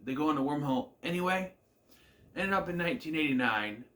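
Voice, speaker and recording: A man's voice: a little high, lively intonation, brisk, a bit bright. A man giving a casual, rambling recap of a TV episode, with many fillers and restarts. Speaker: show reviewer.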